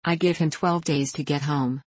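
A scornful, blustering huntsman , voiced by a woman reading a storybook aloud rails in a low voice. The sound is dry and close, with no room around it. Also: steady tone, moderate pace, a little mellow, no room sound. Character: angry grumbling male huntsman.

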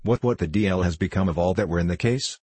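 A man voicing a gruff, overworked print shop foreman who growls curt orders. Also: low-pitched, fast, a little mellow, no echo. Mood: irritable.

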